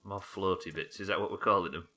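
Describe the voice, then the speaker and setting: Playing a building game live, this young man keeps up running commentary and animated banter with his viewers, cursing and poking fun at himself. He speaks at a quick pace in a low-pitched voice.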